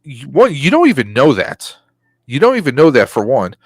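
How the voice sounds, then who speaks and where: Man, podcast co-host, opinionated and rambling, casual chat, dry close sound, mid-pitched voice. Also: huge pitch swings, normal speed, no echo.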